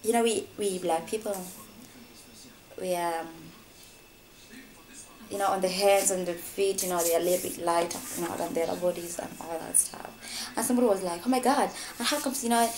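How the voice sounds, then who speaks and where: A woman's voice: fairly even intonation, moderate pace, pauses often, darkish tone. Woman saying "you know" constantly. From Africa. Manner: says "you know" constantly, voice rising high when quoting. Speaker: vlogger. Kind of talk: personal story vlog.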